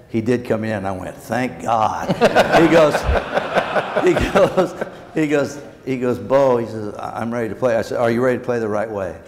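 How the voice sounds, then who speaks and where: A man's voice: medium pitch, darkish tone. Older man, blunt storyteller, acted-out dialogue, long hall reverb, faint background noise. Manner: blunt, acts out quoted dialogue. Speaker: former baseball manager, keynote guest. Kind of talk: anecdotal storytelling in a Q&A. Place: large banquet hall.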